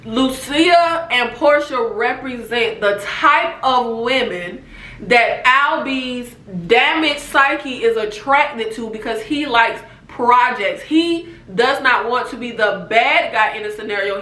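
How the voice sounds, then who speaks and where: Lively high-voiced woman recapping a show. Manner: animated, laughs often, talks to viewers as "baby" and "y'all". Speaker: TV recap vlogger. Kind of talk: casual TV show review and recap. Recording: echoey room.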